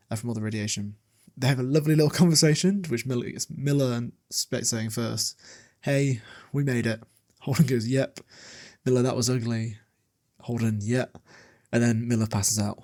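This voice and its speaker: Male podcaster, mid-pitch, loose rambling recap, frequent chuckles and ums. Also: vocal fry, warm tone. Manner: rambling, laughs often, many fillers. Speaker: podcast host. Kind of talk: casual book recap.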